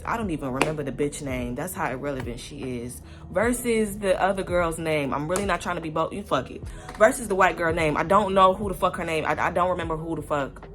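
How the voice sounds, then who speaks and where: A woman's voice: fairly low pitch, a bit bright. A young woman talking casually to camera in a rambling, candid commentary vlog, swearing freely and piling up fillers. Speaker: vlogger.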